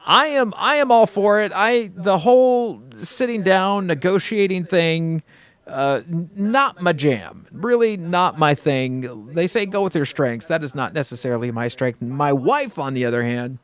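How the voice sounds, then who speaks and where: A man's voice: a little high, expressive, a little slow, clean tone. A man hosting a casual morning radio show, chatty and upbeat, rambling with fillers and restarts. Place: radio studio.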